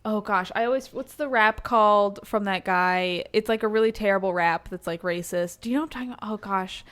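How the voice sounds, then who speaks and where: A woman's voice: medium pitch, a little fast, a bit bright. A woman guest on a podcast, chatting casually and giggling, rambling with many fillers. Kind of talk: casual chat.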